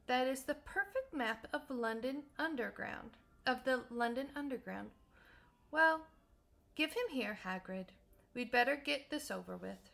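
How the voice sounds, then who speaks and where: A woman reading a storybook aloud, voicing a calm, wry old male wizard who speaks mildly and unhurriedly. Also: high-pitched, creaky, full character voice.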